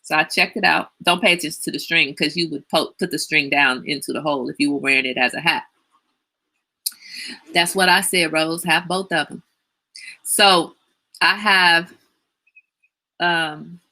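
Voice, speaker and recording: A woman's voice: sits low, normal speed, pauses often, bright, forceful tone. A woman hosting a casual livestream, chatting and telling stories with lots of animation and laughter. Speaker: livestream host. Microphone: webcam or phone on a live stream.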